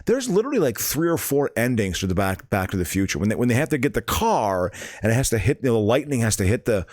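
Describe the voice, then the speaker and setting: A man's voice: medium pitch, very animated, fast talker, darkish tone, dry recording. Male podcast co-host, mid voice, rambling and stammering, dry close recording. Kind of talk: casual chat.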